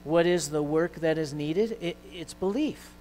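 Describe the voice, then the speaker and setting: Male pastor, slightly high voice, casual preaching style with ums and restarts, soft mains hum under the mic. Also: measured pace, low-quality recording. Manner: conversational preaching with fillers, rising intensity when quoting scripture. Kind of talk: sermon.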